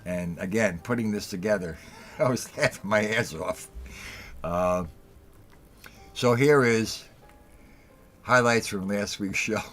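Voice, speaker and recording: A middle-aged man with a low, deep voice hosts a casual talk show. He tells his stories bluntly and heatedly, swears freely and repeats lines to drive them home. Faint music plays behind him. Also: slow, pauses often, fairly bright tone. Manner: heated storytelling, blunt and profane, repeats himself for emphasis. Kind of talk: casual call-in show monologue.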